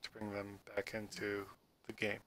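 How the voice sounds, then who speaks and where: Halting, rambling male game master. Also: fairly low pitch, completely flat delivery, fairly bright tone. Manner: rambling, halting with many fillers. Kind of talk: explaining game rules.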